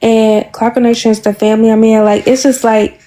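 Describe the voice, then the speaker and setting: A woman's voice: fairly high pitch, flat delivery, a little fast, dark tone. A young woman with a Chicago accent, chatting casually and rambling with many fillers as a guest. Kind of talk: casual chat.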